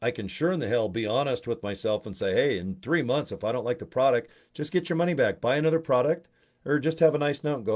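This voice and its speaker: A man's voice: medium pitch, fast, darkish tone. A man in a rambling, joking casual video chat, going off on tangents while promoting a business. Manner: joking, tangents, puts on silly voices. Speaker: network marketing promoter. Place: Utah.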